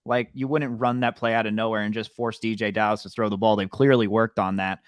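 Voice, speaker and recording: A man's voice: fairly low pitch, flat delivery, a little fast, no echo, clean studio sound. Laid-back man riffing on sports. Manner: loose and conversational, heavy use of "like". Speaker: podcast co-host. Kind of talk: casual sports chat.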